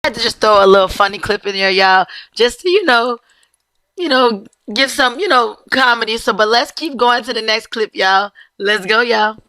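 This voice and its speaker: A reaction host giving casual commentary with lots of ums, calling the viewers y'all. The voice is bright and a bit tense. It is recorded close and dry. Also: mid-range voice, normal speed, dry recording. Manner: hesitant, many ums, addressing viewers as y'all.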